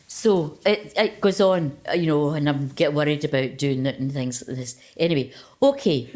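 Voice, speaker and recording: Older Scottish woman, poet guest, low-pitched and dryly self-mocking. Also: moderate pace, warm tone. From Scotland. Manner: wry, self-mocking storyteller. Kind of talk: festival conversation and poetry reading.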